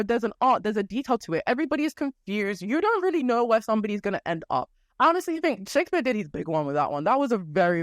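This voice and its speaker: A young woman hosts her podcast in a relaxed, chatty way, retelling a story playfully and slipping into quick character quotes. Her voice sits at a middle pitch. It is recorded close and dry, with no room sound. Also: dry recording. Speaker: podcast host. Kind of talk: casual storytelling chat.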